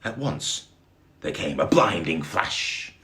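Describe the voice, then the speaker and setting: Man storyteller, very deep voice, gravelly, slow, expressive reading with lots of pitch movement. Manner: dramatic, animated, laughs along with the story.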